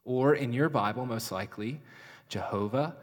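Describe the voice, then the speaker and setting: A male pastor preaching a sermon, swinging between loud urgent questions and soft, hushed phrases. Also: mid-range voice, normal speed. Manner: dynamic preaching, rising loud then dropping to near whisper. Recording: long hall reverb.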